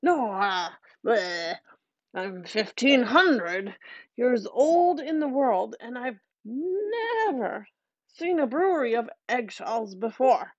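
A woman's voice: on the high side, very animated, slow, no echo, lo-fi sound, exaggerated voice. Woman doing an impish ancient fairy baby. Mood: gleeful. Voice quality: old man's voice in a baby. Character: wizened fairy changeling posing as baby boy, impish.

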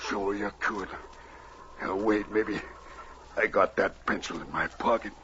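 An actor playing a big, gruff but shy male trapper who bellows when angry and turns gentle with his dog, in 1940s radio acting. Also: on the low side, a little slow, noisy background, natural voice. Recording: dull old radio broadcast.

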